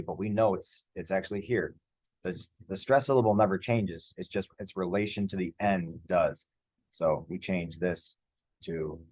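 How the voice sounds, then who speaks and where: Deep-voiced man explaining grammar. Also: no room sound, rough recording. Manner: relaxed, conversational with many fillers and restarts. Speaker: Spanish teacher. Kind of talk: explaining grammar over slides.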